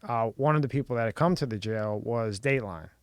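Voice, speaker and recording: A man hosting a podcast, teasing his guest and asking questions in relaxed, jokey chat. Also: medium pitch, fairly quick, no echo, clean studio sound. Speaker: podcast host. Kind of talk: casual interview chat.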